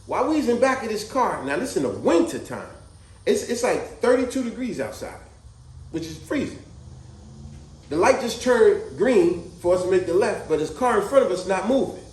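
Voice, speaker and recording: Animated storytelling man with a lively voice. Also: high-pitched, normal speed. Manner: animated, acts out voices of people in his stories. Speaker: vlogger telling stories. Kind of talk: casual storytelling. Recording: echoey room.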